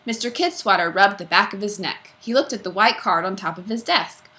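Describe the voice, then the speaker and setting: Expressive woman reading a children's storybook. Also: mid-range voice, fairly quick. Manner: expressive, with character voices. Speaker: reader. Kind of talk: storybook read-aloud.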